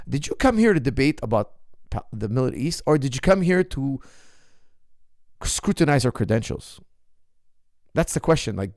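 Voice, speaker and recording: Middle-aged male host, gravelly voice, dry close sound, argumentative and emphatic, hammers points by repetition. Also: medium pitch, a little mellow, dry recording. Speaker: martial arts coach and podcast host. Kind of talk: opinionated casual monologue.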